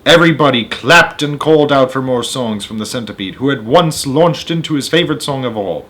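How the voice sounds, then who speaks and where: Male storyteller, animated read-aloud of a children's book. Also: mid-range voice, brisk. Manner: animated, expressive reading.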